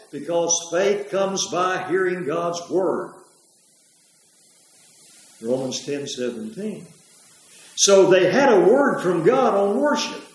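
A man preaching a sermon with emphatic, drawn-out repetitions. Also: high-pitched. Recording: very echoey hall.

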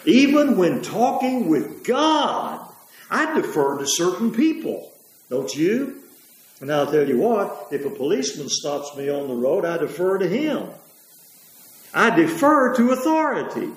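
A man preaching a sermon with emphatic, drawn-out repetitions. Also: sits high, very animated. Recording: very echoey hall.

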